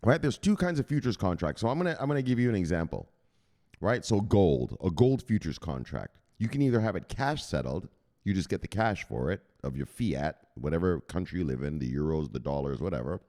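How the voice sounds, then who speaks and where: A man hosting a crypto news show, explaining in a rambling, excitable way, often laughing and correcting himself. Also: low voice, brisk. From United States. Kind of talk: casual explainer monologue.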